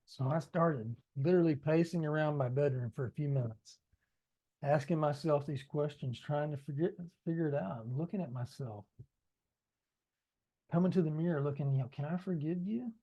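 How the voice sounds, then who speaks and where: Fairly high-pitched and warm, this man reads at a moderate pace from his own book. He narrates conversationally, slipping in off-script asides and speaking straight to his audience.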